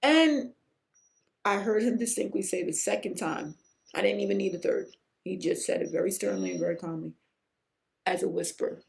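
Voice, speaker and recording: Woman, podcast host, candid storytelling, earnest, raspy fry, mid pitch. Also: normal speed. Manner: emotional, earnest, rising to near-shouts at high points; breaks off to hush a pet in a low, quiet voice.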